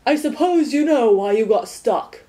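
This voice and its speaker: A woman's voice: a little high, lively intonation, normal speed, warm tone, natural voice. A woman voicing an impatient, blustering male watchdog with a clock for a body, barking and scolding in a storybook reading.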